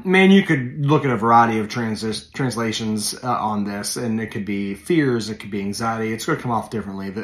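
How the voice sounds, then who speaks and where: A man's voice: fairly low pitch, a bit bright, echoey room. A man hosting a devotional podcast as a preacher, talking casually with many fillers and self-corrections and leaning in on key phrases.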